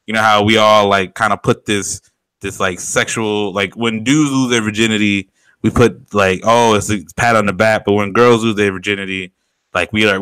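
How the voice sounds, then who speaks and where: Young male co-host, bright and smooth voice, animated slangy banter. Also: lowish voice, no echo. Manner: animated, laughs often, slangy. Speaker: podcast co-host. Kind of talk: casual podcast banter.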